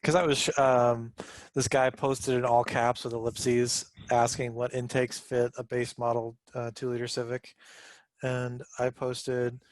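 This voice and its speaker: A man's voice: medium pitch, little pitch movement, a little slow, dry recording. Dry, sarcastic young man on a call. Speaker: podcast co-host. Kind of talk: casual chat. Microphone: video call.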